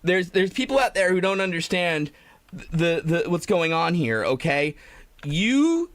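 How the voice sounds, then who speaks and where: A man's voice: high voice, sing-song, measured pace, a bit bright. A man live streaming, ranting in a rambling, profane, self-pitying way and breaking into laughter. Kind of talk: comedic live-stream rant.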